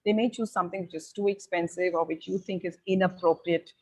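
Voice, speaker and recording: A middle-aged woman giving parents measured advice, pausing often on fillers as she explains. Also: lowish voice, fairly even intonation, darkish tone, slightly rough, rough recording. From India. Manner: measured and advisory, with frequent filler pauses. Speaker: parenting educator.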